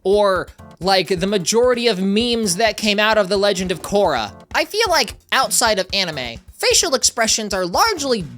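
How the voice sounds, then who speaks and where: A woman's voice: medium pitch, sing-song, moderate pace, fairly bright tone, soft background music. A woman hosting a commentary video, talking casually with wry, sarcastic asides.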